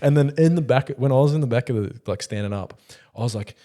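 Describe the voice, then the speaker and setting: A young Australian man rattles off stories at a quick clip, sprinkling in swears and laughter as he goes. His delivery is loose and animated, the kind of casual yarn-spinning you hear between mates on a podcast. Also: mid-range voice. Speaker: podcast guest. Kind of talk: casual storytelling chat.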